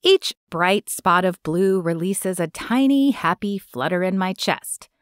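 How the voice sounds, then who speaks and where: A woman narrating a first-person romance novel in a light, even storytelling manner. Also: lowish voice, a little slow, clean tone, no room sound, studio quality. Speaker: audiobook narrator.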